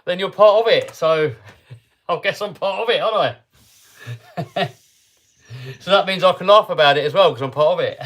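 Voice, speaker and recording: A man's voice: sits high, normal speed, pauses often, a bit bright. A man hosting a live stream, chatting casually and answering viewer comments in an upbeat, rambling way. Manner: chatty and upbeat, with frequent self-interruptions. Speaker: host of a hobby channel livestream.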